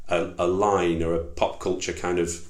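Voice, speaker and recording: A man's voice: low voice, flat delivery, moderate pace, darkish tone, reverberant. A man co-hosting a casual podcast chat, talking in a chatty way, laughing often and restarting his sentences. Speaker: podcast co-host.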